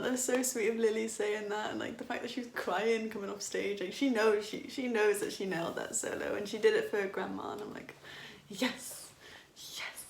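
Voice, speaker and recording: A woman's voice: mid-range voice, gravelly, reverberant, slight background noise. A young woman in her twenties talking casually as a dance reaction vlogger, enthusiastic and rambling, laughing often.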